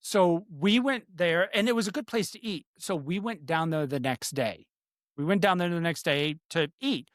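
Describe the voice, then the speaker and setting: A man's voice: a little high, moderate pace, dry recording, studio quality. A man co-hosting a podcast, telling a long, rambling story in casual chat with casual swearing. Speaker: podcast co-host.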